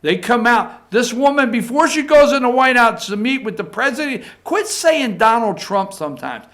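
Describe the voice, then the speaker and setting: Man, high voice, political opinion monologue, emphatic, repetitive, punchy. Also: sing-song, moderate pace, fairly bright tone. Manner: emphatic, repeats points, tags lines with "okay?". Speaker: political commentator.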